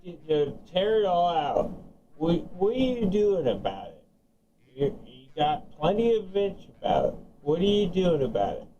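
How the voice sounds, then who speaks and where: A man's voice: high-pitched, very animated, a little slow, a crowd in the background. Guy ranting and taunting over cb radio, swearing nonstop, kinda far off and muffled. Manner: profane, taunting, repetitive. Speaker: CB radio caller. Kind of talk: heated CB radio banter.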